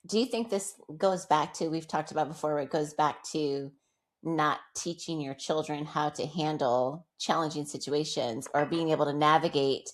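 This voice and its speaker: A woman with a low-pitched voice co-hosts a relaxed podcast chat. She speaks in a measured way and keeps the talk moving with short agreements and questions. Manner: measured, quick to agree and prompt. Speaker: podcast co-host. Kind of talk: casual chat.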